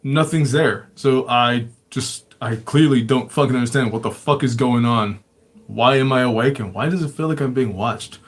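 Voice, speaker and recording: A show host with a mid-range voice tells his own stories casually at a normal speed. He's loose and profane, swearing constantly and chuckling often as he talks.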